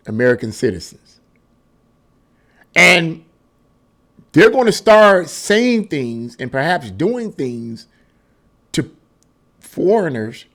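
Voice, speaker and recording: A man rants angrily about politics, pressing his points over and over with heated emphasis. His voice sits high and swoops widely up and down as he talks. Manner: mocking singsong asides. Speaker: commentary channel host. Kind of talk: angry political rant.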